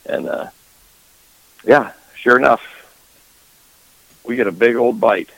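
A man's voice: medium pitch, creaky, a bit bright, dry recording, rough recording. A man co-hosting a fishing podcast, telling his side of a story in casual chat, often repeating words as he gets started. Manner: halting, repeats words before getting going. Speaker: podcast co-host.

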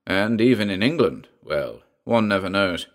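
A man reading a giant of an outdoorsman from a storybook, speaking in a low, gruff growl. He sounds blunt and rugged. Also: big pitch swings, moderate pace. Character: big, rugged outdoorsman on home leave.

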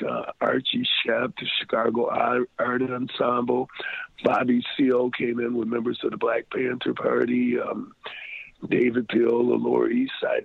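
A man's voice: medium pitch, gravelly, slightly rough, dry recording. An older man telling a rambling story as an interview guest, with many fillers and restarts. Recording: phone-like lo-fi line.

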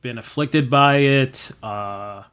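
A man's voice: medium pitch, slow, fairly bright tone, smooth. Young man, casual guest, rambling storyteller, fills with "like" and "uh", acts out quotes. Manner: rambling, many fillers, acts out his own quotes. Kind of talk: casual chat.

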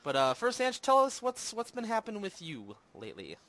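A man's voice: high voice, wildly swooping pitch, fairly quick, fairly bright tone. A man hosting a casual movie and games podcast, rambling and self-deprecating with lots of fillers. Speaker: podcast host. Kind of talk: casual chat. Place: home in Minnesota.

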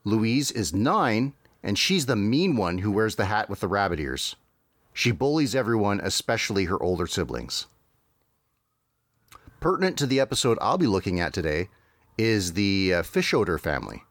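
A man's voice: on the low side, very animated, moderate pace, fairly bright tone, no echo. A man hosting a podcast, recapping a cartoon episode in a dry, wry way with frequent hesitations. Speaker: podcast host.

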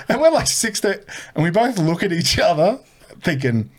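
A man's voice: normal speed, pauses often. Swearing man telling a story. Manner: animated, swearing storyteller, quotes people in lowered voices. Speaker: comedian guest. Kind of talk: casual storytelling.

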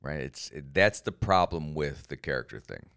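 A man co-hosting a casual podcast, telling animated stories and jumping into quoted voices. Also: a bass voice, normal speed, creaky, smooth. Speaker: podcast co-host and comedian.

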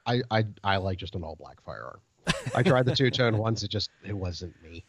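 A man's voice: fairly low pitch, animated, normal speed, noisy background. A man co-hosting a podcast in casual chat, speaking with a wry, dry humor. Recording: dull, lo-fi, dry.

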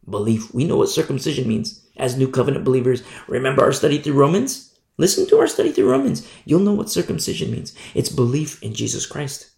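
A man gives a sermon as pastor with emphatic repetition of key phrases, alternating booming declarations and hushed asides. His fairly high, creaky voice rings in an echoey room.

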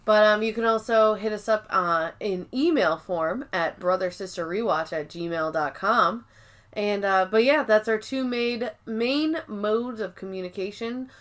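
A woman's voice: mid-range voice, measured pace, fairly bright tone. A woman co-hosting a podcast, chatting in a breezy, laid-back way and chiming in with short agreements. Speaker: podcast co-host. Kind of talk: casual chat recapping TV episodes.

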